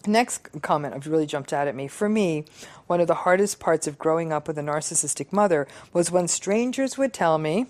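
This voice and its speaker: A middle-aged woman psychologist reading out viewer comments and reflecting on them in an earnest, measured, emphatic way. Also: low-pitched, expressive, a little mellow. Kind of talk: reflective talk on relationships.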